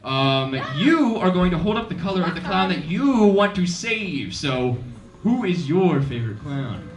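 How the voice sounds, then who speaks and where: A man's voice: high-pitched, sing-song, unhurried, crowd noise. A man hosting a live comedy show on a theater stage, playful and exaggerated, laughing often. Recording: roomy sound from far off, loud music.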